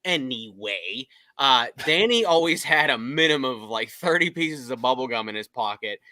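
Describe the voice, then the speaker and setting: A man's voice: mid-range voice, moderate pace, no echo. A man from Pittsburgh co-hosting a casual sports podcast, telling stories with frequent laughs. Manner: laughing storyteller, animated when quoting. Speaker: podcast co-host.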